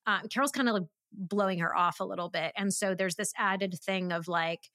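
A woman's voice: medium pitch, a little fast, pushed and bright, dry recording, studio quality. Chatty woman discussing a film. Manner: chatty, many fillers and restarts. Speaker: podcast co-host.

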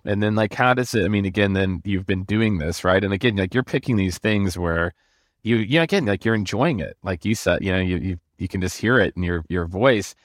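A man's voice: sits low, fairly quick, no echo, clean studio sound. A man hosting an interview show, asking long rambling questions full of fillers and restarts. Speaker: podcast host.

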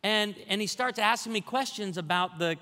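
Speaking at a moderate pace, this pastor-like man delivers a sermon in a bright, high voice that resounds through a long, reverberant hall. His humorous storytelling climbs steadily toward spirited exhortation.

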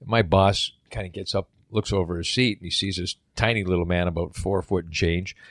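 A middle-aged man telling a story in a casual chat, animated and acting out the voices of the people in it. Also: deep voice, brisk, dry recording, studio quality. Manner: animated, acts out quoted voices. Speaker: guest.

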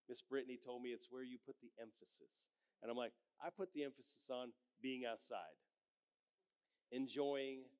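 An older pastor from Colorado delivers a folksy Sunday sermon to his church. He talks in an energetic, homespun way, moving between jokes and quiet scripture reading, and keeps checking in with the congregation. His voice sits in an ordinary middle pitch for a man. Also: clear, resonant tone. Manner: folksy, energetic, with frequent call-and-response "Amen?". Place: church sanctuary.

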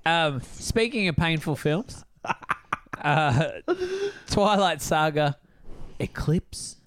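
A middle-aged man hosting a casual podcast chat, telling stories in an animated way and jumping into high voices to quote people. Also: takes it slowly, clear, resonant tone. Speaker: podcast host.

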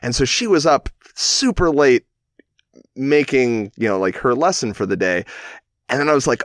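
A man's voice: mid-range voice, expressive, moderate pace, no room sound. A man in his thirties casually telling a long personal story on a podcast, rambling and correcting himself as he goes. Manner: rambling, self-correcting, chuckles while telling.

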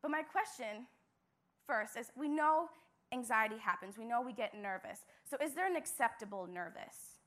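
A woman's voice: fairly high pitch, animated, moderate pace, a bit bright. A young woman, a church intern, giving an earnest devotional message with emphatic repetition.

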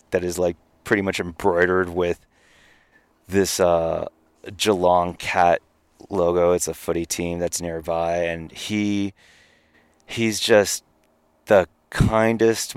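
A man, a podcast guest telling an animated story and swearing now and then. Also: low voice, smooth, no echo. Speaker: podcast guest, company founder. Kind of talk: storytelling in a casual interview.

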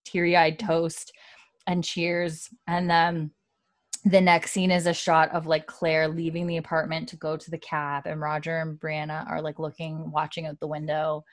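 A woman's voice: deep voice, completely flat delivery, normal speed, dry recording. A young woman casually recapping a TV episode, chatty and full of "like" fillers as she acts out the characters' lines. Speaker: podcast host.

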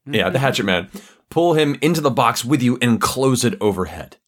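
A man narrating a tabletop game as game master, describing the scene in a measured way. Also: medium pitch, animated.

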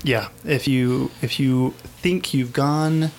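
A man co-hosting a podcast in a relaxed, joking, conversational way. His voice sits at an ordinary middle pitch, with faint room noise behind him. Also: slow. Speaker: podcast co-host. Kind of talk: casual podcast chat.

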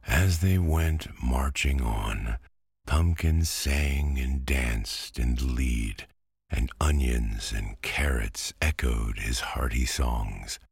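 A man reading a bedtime storybook aloud in a gentle, soft-spoken narration. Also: a bass voice, slow pace, gravelly, breathy edge, no room sound, clean studio sound.

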